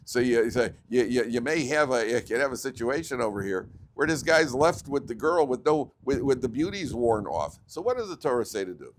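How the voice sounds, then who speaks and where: A man with an American accent, a rabbi giving a joking, digressive Torah lecture with sudden jumps in pitch. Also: slight background noise. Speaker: rabbi teaching a weekly Torah class.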